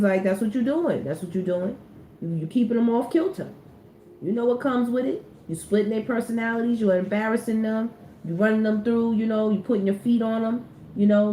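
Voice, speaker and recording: A woman gives a casual, slangy tarot reading, hammering her points home by repeating them. Her voice is mellow and warm. The recording has a roomy echo, with a faint hum underneath. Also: medium pitch. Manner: chatty, slangy, repeats phrases for emphasis. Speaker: tarot reader.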